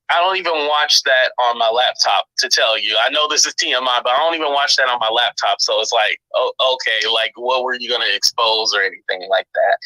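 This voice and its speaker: A man's voice: a little high, sharp tone, no room sound, low-quality recording. A man hosting a livestream, candidly telling his side of a story and talking straight to his viewers in a casual, chatty way. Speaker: livestream host. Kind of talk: casual storytelling to live chat.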